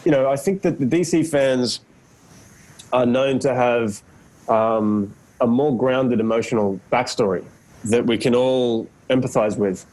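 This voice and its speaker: A man's voice: mid-range voice, fairly even intonation, measured pace, darkish tone, low-quality recording. An Australian man in his thirties, a guest in a casual interview on a video call, laid-back and self-deprecating, laughing often. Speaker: actor guest.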